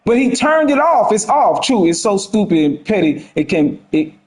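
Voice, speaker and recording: Man, high voice, casual game commentary, slangy, animated, talks to viewers. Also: normal speed, echoey room, rough recording. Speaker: gaming streamer.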